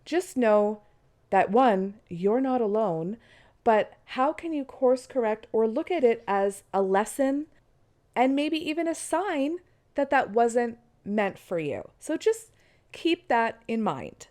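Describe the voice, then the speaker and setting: A woman's voice: a little high, big pitch swings, slow pace, a little mellow. A woman hosting her own podcast, chatty and encouraging, her voice stuffy and nasal from a cold, recording from bed at home. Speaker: podcast host. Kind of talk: casual solo podcast talk.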